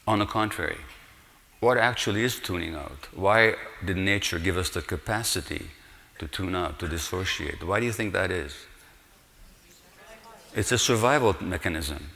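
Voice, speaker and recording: A man's voice: sits low, normal speed, creaky, sharp tone. Older man lecturing in a reverberant hall. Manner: earnest, explanatory, asks the audience rhetorical questions. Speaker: conference speaker, physician. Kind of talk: conference lecture. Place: large hotel conference hall.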